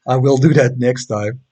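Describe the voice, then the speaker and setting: A man's voice: medium pitch, steady tone, takes it slowly, dark tone, slightly rough. A man with a Dutch accent hosting a casual astronomy livestream, chatting loosely with viewers and reading out their comments, with frequent fillers. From Netherlands. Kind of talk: casual live-stream chat.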